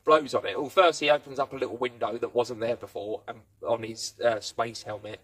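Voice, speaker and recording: A man's voice: mid-range voice, steady tone, brisk, a bit bright. A man giving a casual spoken review, rambling through the plot and playfully acting out quoted lines. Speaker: film and TV reviewer.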